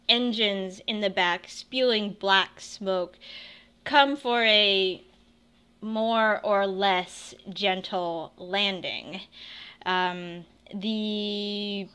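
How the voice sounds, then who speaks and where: A young woman runs a tabletop session, her voice bright and sharp, her pace slow and unhurried. She narrates scenes chattily, laughing often and restarting her sentences. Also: medium pitch, smooth. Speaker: game master.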